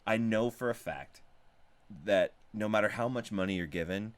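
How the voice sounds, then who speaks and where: A man in a casual podcast chat, telling rambling, animated stories with frequent swearing. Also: lowish voice, normal speed, smooth. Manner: rambling, animated, profane storytelling. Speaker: podcast participant, musician.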